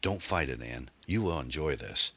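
A man's voice: extremely low pitch, animated, moderate pace, pushed and bright, breathy edge, heavily acted. A man voicing a menacing young man who speaks with a slight hillbilly twang, coolly threatening and calculating. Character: menacing muscular young man, cold and coercive.

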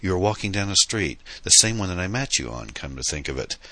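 A man reading an audiobook, voicing a young woman who is excitable and awestruck and tells her story in a breathless rush. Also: deep voice, exaggerated voice. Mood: excited. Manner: breathless, rushed telling.

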